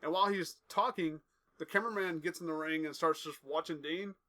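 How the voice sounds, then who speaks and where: A young podcast co-host rambles through a casual recap of wrestling segments, acting out the quotes as he tells the stories. His voice is fairly high, bright and forceful, and a little fast.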